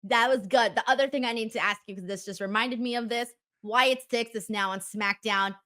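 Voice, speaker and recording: A woman's voice: a little high, a little fast, fairly bright tone. A woman hosting a casual wrestling review show, reading viewer messages and laughing often. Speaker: host.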